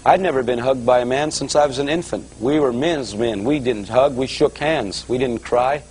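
A man preaching to a church audience, telling his conversion story in a lively storytelling manner and acting out the voices of others. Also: mid-range voice, normal speed, a little hiss or hum, low-quality recording. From Los Angeles area. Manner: animated storyteller, voices quotes, rising excitement. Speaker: guest preacher giving testimony. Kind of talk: sermon testimony storytelling.

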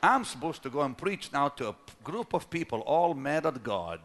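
A middle-aged preacher telling a personal story in a sermon, dropping to a hush and then rising to shouts. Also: male voice, a little high, very animated, normal speed, a little hiss or hum. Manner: dramatic, swings from hushed to shouting.

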